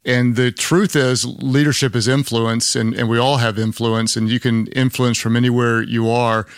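Southern-accented man hosting, smooth voice. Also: mid-range voice, little pitch movement, moderate pace, no echo, clean studio sound. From Oklahoma. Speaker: podcast host. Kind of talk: conversational interview.

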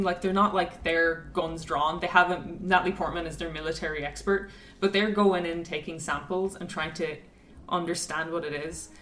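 A woman's voice: fairly low pitch, a bit bright, slight background noise. A woman chatting casually about a film, enthusiastic and rambling with lots of fillers. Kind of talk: casual chat, film review. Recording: echoey room, mic at a distance.

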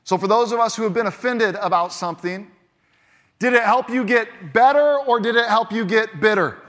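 A higher-pitched man preaches from the pulpit, leaning hard into key words and then dropping to a hush. His voice rings out through the long reverb of a large church hall. Each point lands with insistent emphasis. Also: moderate pace. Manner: emphatic, swings between loud punches and quiet drops. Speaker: pastor. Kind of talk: sermon.

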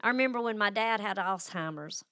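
A woman's voice: medium pitch, a little fast, pushed and bright, no room sound, studio quality. A middle-aged woman who hosts a faith podcast and tells a personal story in a folksy, emotional way, with sighs and restarts. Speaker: podcast host.

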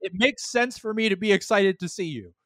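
A man's voice: sits high, animated, fairly quick, a bit bright. A man co-hosting a casual podcast chat, rambling and joking with frequent swearing. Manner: rambling, profane, jokey. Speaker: podcast co-host.

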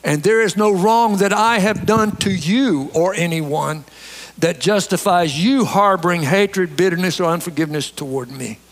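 A man's voice: sits high, moderate pace, big-room sound. A man preaching a sermon as pastor to his church, reading scripture and urging honesty.

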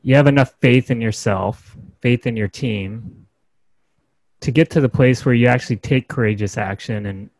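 A man's voice: medium pitch, moderate pace, gravelly, a little mellow, no echo. A man hosting a podcast, asking long, searching questions in a casual way. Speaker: podcast host.

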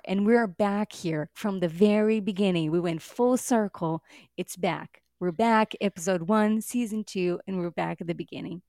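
A woman co-hosting a casual podcast, talking in an animated, exasperated way. Her voice sits at a middle pitch for a woman, and the recording is dry and close. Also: normal speed, dry recording. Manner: animated, exasperated, swears and laughs. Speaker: podcast co-host.

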